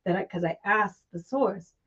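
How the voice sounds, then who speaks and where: An older woman hosting a casual live chat, recounting a story with lively energy and frequent laughter at herself. Her voice sits at an ordinary middle pitch. The recording is slightly dull and lo-fi, like a home livestream. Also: normal speed, slightly rough. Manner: animated storyteller, laughs at herself, voice rises sharply when excited. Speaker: host. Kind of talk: casual conversation on a live broadcast.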